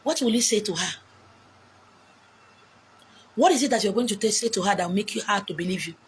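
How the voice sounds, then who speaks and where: A woman with a Nigerian accent delivering an animated, preaching monologue, acting out quotes with big swings in pitch and loudness. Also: fairly quick. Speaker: self-styled spiritual messenger. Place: beach, outdoors. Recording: faint background noise, outdoors.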